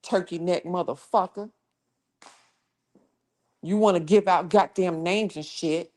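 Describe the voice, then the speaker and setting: A woman's voice: on the low side, a little slow, mellow. Profane woman ranting on a livestream. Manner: profane, confrontational, scolding chat trolls. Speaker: livestream host. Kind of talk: casual livestream rant.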